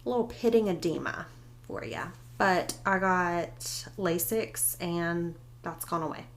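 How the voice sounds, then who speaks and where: A woman's voice: lowish voice, unhurried, slight background noise. A woman co-hosting a casual chat podcast, talking freely and quoting her own thoughts aloud. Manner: chatty, quotes her own thoughts, laughs easily. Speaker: podcast co-host.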